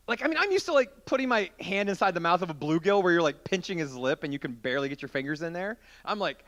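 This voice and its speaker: A man preaching to a youth group, telling a long story in a chatty, animated way and acting out the scenes as he goes. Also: fairly high pitch, fast talker, hardly any pauses. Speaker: youth pastor.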